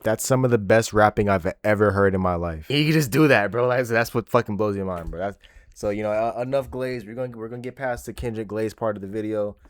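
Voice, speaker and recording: A man in his twenties hosting a music reaction video, excitable and profane, often repeating himself. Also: lowish voice, brisk, no room sound. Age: 20s. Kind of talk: casual reaction commentary. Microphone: desk microphone.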